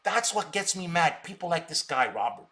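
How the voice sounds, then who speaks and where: A man with a somewhat high voice rants to his live stream viewers. He sounds combative, and he stammers by repeating words over and over as he pushes his points. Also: very animated, moderate pace, bright, forceful tone. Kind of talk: unscripted live stream talk.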